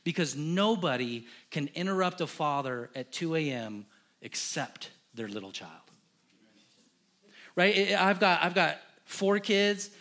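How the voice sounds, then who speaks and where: A pastor preaching a sermon in a church, impassioned, with emphatic repeated lists, swinging from hushed to loud. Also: male voice, on the high side, expressive, measured pace.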